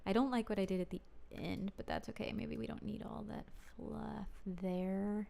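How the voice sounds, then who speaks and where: A woman's voice: mid-range voice, steady tone, normal speed, gravelly. A woman musician talking to herself and her viewers while building a song in a studio livestream. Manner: talks to herself, soft and musing. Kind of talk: casual talk while making music. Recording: roomy with long reverb, music behind. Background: music playing.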